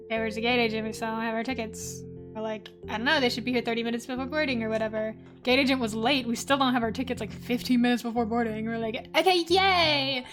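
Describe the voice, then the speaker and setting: Woman streamer, high voice, swears freely, laughs through her story, faint music behind. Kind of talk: casual storytelling while drawing on stream.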